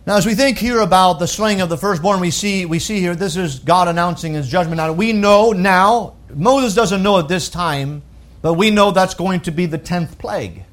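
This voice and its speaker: A man preaching a sermon, emphatic, asking rhetorical questions and slowing down on key phrases. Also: high-pitched.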